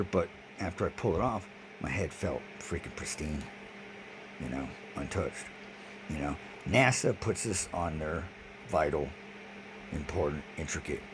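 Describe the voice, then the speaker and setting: A man in a rambling, agitated video monologue who repeats himself and swears often. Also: extremely low pitch. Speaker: vlogger. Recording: noisy background.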